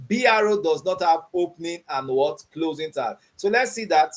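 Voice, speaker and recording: A male coding instructor teaches beginners online in a slightly high, expressive voice at an ordinary pace. He often pauses to ask "you understand what I'm saying?" and quizzes the group with open questions such as "what?"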